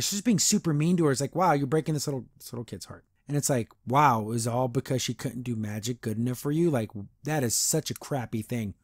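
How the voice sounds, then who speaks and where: A man's voice: mid-range voice, brisk, hardly any pauses, dry recording. A man hosting a podcast, giving a casual, opinionated and easily amused review of a cartoon episode into a close microphone. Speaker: podcast host.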